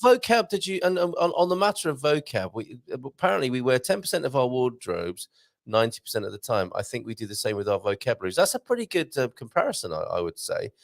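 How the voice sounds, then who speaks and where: Man, host, animated pitch, gravelly, dry recording, encouraging. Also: quick pace, no echo. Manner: encouraging, chatty interviewer. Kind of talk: casual live-stream chat.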